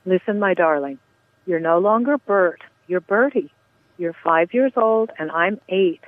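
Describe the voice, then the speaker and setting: A woman's voice: fairly low pitch, expressive, a little slow, dry recording. A woman reading aloud the words of an older woman comforting her dying brother, in a tender, plain voice without an accent. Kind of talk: reading a play monologue aloud. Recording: tinny phone line.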